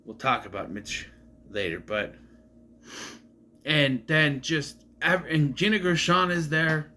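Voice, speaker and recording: A man's voice: on the high side, slow, sharp tone, slight background noise. A young man giving a casual, rambling movie review who often stops to correct himself. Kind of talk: casual film review vlog.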